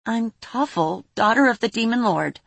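A woman's voice: fairly high pitch, expressive, moderate pace, gravelly, breathy edge, no room sound, pitched above the performer's own voice, full character voice. A woman voicing a polite, pouty young demon girl who is the demon lord's daughter. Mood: pleading.

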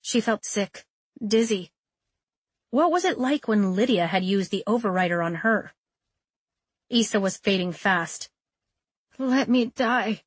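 A woman reading a novel aloud as narrator, in a steady, measured way. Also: mid-range voice, husky, dry recording. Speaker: audiobook narrator. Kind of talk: scripted narration.

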